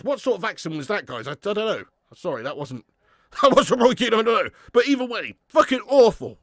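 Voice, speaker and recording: Sweary excitable football fan host. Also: male voice, high-pitched, brisk, no room sound, clean studio sound. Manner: sweary, excitable, reads out viewer comments. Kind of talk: live football watch-along commentary.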